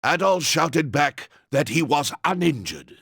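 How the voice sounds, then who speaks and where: A calm game narrator, husky and dry, measured storytelling. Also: male voice, on the high side, no echo, heavily acted. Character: adult male storyteller narrator.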